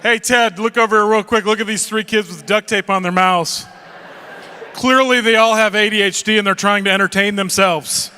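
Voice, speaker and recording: A man playing a passing driver who loudly mocks some kids in a car, in a sarcastic aside. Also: high voice, fairly even intonation, moderate pace, a little hiss or hum. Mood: mocking. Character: mocking male driver gawking at kids.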